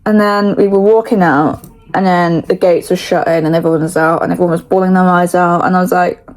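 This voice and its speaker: A woman's voice: fairly low pitch, steady tone, fairly quick, darkish tone, faint music behind, poor audio. Chatty, sweary English teen girl. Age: late teens. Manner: rambling, frequent "like", sweary and frank. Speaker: vlogger. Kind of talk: casual chatty storytelling.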